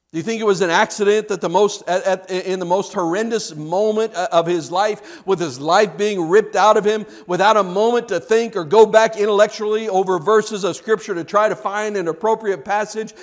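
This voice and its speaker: Male preacher, high voice, dramatic sermon delivery, loud cries then hushed passages. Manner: repeats words in rushes.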